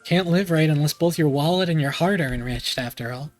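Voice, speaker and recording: A man's voice: fairly high pitch, brisk, a little mellow, soft background music, close to an everyday voice. A man reading as a breezy businessman. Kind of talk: reading game dialogue aloud.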